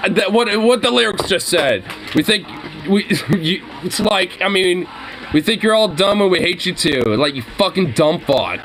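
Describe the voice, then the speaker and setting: A man's voice: high voice, lively intonation, a little slow, a bit bright, faint music behind. A young man giving casual reaction commentary, ranting with heavy profanity and frequent laughter.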